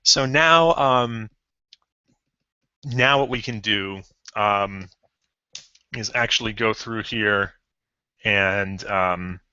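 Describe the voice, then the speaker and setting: Man thinking aloud while coding, slow. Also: lowish voice, sharp tone, dry recording. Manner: thinks aloud with many ums and self-corrections; chuckles at odd results. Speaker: programmer streaming a coding session. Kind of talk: live coding walkthrough. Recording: dull lo-fi stream audio.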